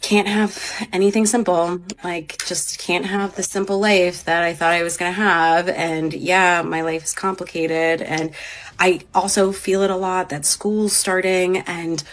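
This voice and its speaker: A woman in her thirties, a mother, talking in a rambling, halting, emotional way about her separation in a personal vlog. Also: on the low side, little pitch movement.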